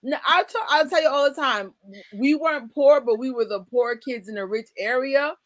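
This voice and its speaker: Forties woman hosting a chat, animated and emphatic, lots of laughing, dry mic. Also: high voice, moderate pace, dry recording. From United States. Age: 40s. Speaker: host. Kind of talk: casual chat.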